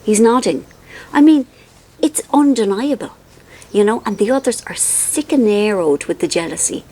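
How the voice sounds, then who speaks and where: A woman's voice: mid-range voice, normal speed, darkish tone, slightly rough. An Irish woman vlogging in a casual, rambling and self-mocking way, worn out by the heat. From Ireland. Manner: chatty, rambling, self-mocking, with frequent ums. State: wilting from the heat. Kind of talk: casual chat to camera.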